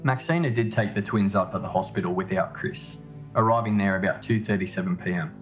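A man reading a scripted narration in a measured, matter-of-fact way. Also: sits low, soft background music. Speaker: podcast narrator.

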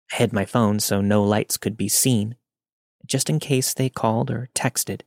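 Low-voiced man narrating a scary story. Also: dry recording, clean studio sound. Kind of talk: scripted first-person scary story narration.

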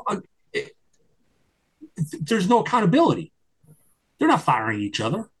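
An older man talking as a guest in an interview, rambling with many restarts and climbing higher when worked up. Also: huge pitch swings, moderate pace, husky. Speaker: guest, retired FBI agent and attorney. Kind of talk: conversational interview.

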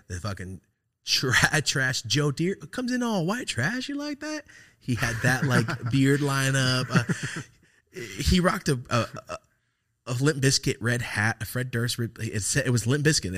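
A man with a somewhat low voice hosts a podcast and talks through a personal story in a loose, reflective way. He swears freely and trails off into fillers and restarts as he goes. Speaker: podcast host. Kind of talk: casual storytelling chat.

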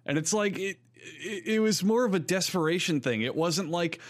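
A man co-hosting a casual podcast, telling animated stories about movies. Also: high-pitched, normal speed. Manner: animated storyteller, acts out movie lines. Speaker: podcast co-host. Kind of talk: casual chat.

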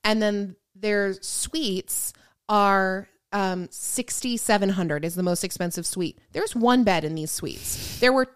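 Smooth-voiced chatty woman podcaster. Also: medium pitch, slow. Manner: chatty storyteller, lots of "like" and "um". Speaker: podcast co-host. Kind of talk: casual gossip chat.

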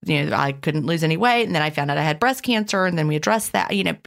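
A woman co-hosting a podcast, chatting in an animated way with many "you know" fillers and reading out listener questions. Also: on the low side, gravelly. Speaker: podcast co-host.

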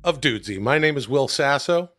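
A man's voice: medium pitch, lively intonation, brisk, a bit bright. A man co-hosting a podcast, joking, swearing and bantering casually. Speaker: podcast co-host. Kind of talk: casual chat.

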